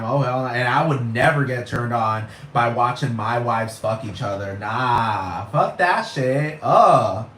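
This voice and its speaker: A man's voice: mid-range voice, expressive, normal speed, few pauses, a bit bright, a little hiss or hum. Man ranting in an echoey room. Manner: blunt, heated, repetitive. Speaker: vlogger. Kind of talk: profane ranting monologue.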